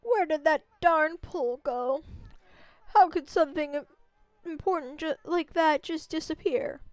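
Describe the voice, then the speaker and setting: A woman streamer voices a game character: a kind, fussy old village grandmother with an affected Southern drawl. Her pushed-up voice sits high and unhurried, with no room sound, and she talks in a folksy, fretful, gently doting way.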